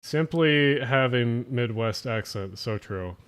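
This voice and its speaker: A man's voice: medium pitch, slow pace, fairly bright tone, clear, resonant tone. A man with a Jersey and Philly area accent chatting casually on a late-night livestream, rambling, swearing and running his words together. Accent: New Jersey/Philadelphia. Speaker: streamer.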